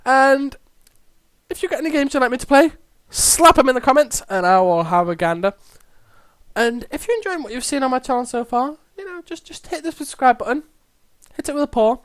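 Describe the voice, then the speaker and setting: A let's play host reading a visual novel aloud, chatting in quick asides and signing off playfully. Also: high voice, expressive, no room sound, studio quality.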